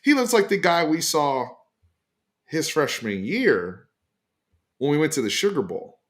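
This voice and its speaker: A man hosting a casual sports talk show, giving emphatic opinions in a loose, animated way with frequent fillers. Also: a little high, a little slow. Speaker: sports podcast host.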